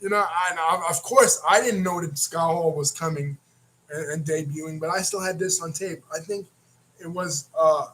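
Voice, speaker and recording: A man's voice: fairly high pitch, normal speed, pushed and bright, rough recording. A man hosting a casual wrestling recap, rambling and often restarting his words. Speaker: wrestling reaction host.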